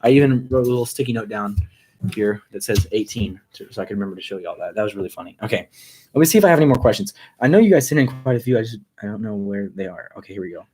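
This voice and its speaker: A musician hosting a casual live stream, chatting in an upbeat, rambling way with quick asides. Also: male voice, on the low side, expressive, warm tone, slight background noise.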